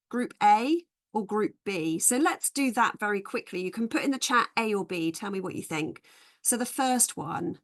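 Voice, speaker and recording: A woman leading a live webinar for teachers, explaining activities clearly and patiently, modelling stress patterns slowly. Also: a little high. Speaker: English teacher trainer.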